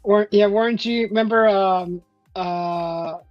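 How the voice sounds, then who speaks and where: A woman's voice: mid-range voice, slow pace, no room sound. A woman hosting a casual chat, rambling with many fillers and frequent laughs. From California. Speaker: host. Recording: dull lo-fi stream audio with faint music.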